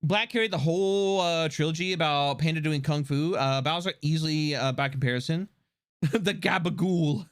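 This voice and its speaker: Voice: medium pitch, a little fast, hardly any pauses, smooth. A live streamer chatting casually, swearing freely and restarting sentences often. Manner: rambling, swears freely, frequent restarts and fillers.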